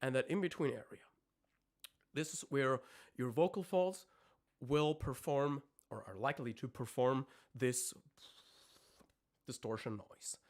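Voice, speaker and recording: A man's voice: medium pitch, measured pace, pauses often. A man giving a live-streamed vocal lesson, explaining technique in detail and breaking into sung notes and screamed demonstrations. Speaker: vocal coach.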